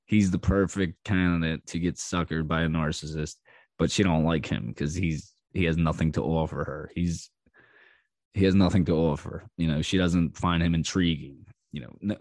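A man's voice: sits low, darkish tone, no room sound, clean studio sound. A man hosting a podcast, telling a personal story in a blunt, profane way, laughing often and acting out what was said. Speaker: podcast host.

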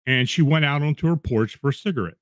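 A man reading eerie true accounts aloud in a steady, measured storytelling voice, with the odd restart. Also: medium pitch, dry recording. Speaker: narrator reading paranormal accounts.

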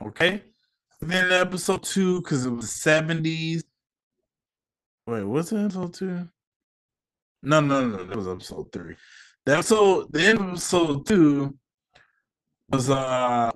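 A man's voice: on the high side, sing-song, unhurried, pauses often, a bit bright. A man hosting his own podcast, talking casually with lots of slang and swearing, giving heated opinions. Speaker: podcast host. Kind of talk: casual solo podcast rant.

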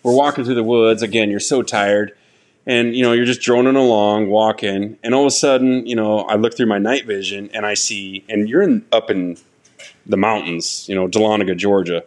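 A man's voice: fairly low pitch, steady tone, moderate pace. A man who is a veteran Army Ranger, a podcast guest who tells stories casually and animatedly, acting out quotes and laughing as he goes.

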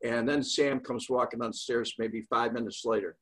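An older man, a guest, telling a long story in a casual, rambling way, with pauses and fillers. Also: medium pitch, steady tone, fairly bright tone.

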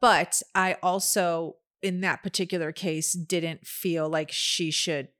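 A woman's voice: lowish voice, takes it slowly. A middle-aged woman co-hosting a podcast, telling family stories in casual chat and acting out the dialogue. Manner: animated storyteller, acts out quoted dialogue. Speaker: podcast co-host.

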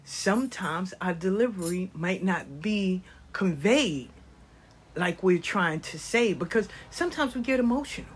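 A woman's voice: fairly low pitch, animated, unhurried, breathy edge. An older woman with nine grandkids, talking casually and passionately about life lessons, often dropping her voice to a whisper. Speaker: speaker giving life advice. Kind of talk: casual storytelling monologue.

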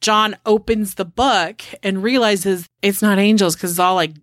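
A woman's voice: mid-range voice, steady tone, moderate pace, dry recording, clean studio sound. A woman co-hosting a podcast, casually recapping a film in a chatty, profane way and laughing often. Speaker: podcast co-host.

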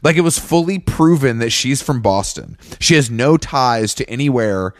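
A man's voice: medium pitch, animated, moderate pace, dry recording, studio quality. A man co-hosting a podcast in casual chat, gossipy and chatty, often laughing and restarting his sentences. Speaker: podcast co-host.

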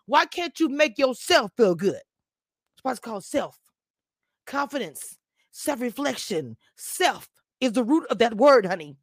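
A woman's voice: on the high side, very animated, measured pace, no echo, studio quality. Blunt woman giving a frank show review. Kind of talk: casual live-stream commentary.

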